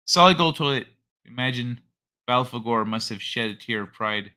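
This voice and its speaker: A livestream host reads news aloud in a casual chat, swearing and stumbling over the text. His medium-pitched voice has a sharp tone and lively intonation, and he speaks a little slowly.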